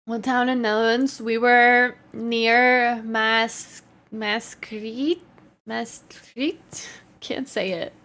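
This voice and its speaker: A woman's voice: fairly high pitch, steady tone, slow pace, few pauses, fairly bright tone. A woman livestreamer chatting casually, reading out and answering her chat while often laughing. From Canada.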